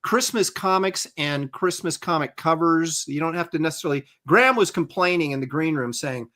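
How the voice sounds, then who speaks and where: A middle-aged man hosting a casual group chat, reeling off viewer shout-outs. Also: on the high side, moderate pace. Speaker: podcast host.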